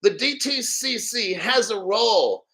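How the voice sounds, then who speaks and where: Hyped-up guy streamer cussing a lot, high bright voice. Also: a little slow. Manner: excitable, profane, bursts into shouts and laughs. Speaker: livestream host. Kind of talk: excited crypto livestream chat.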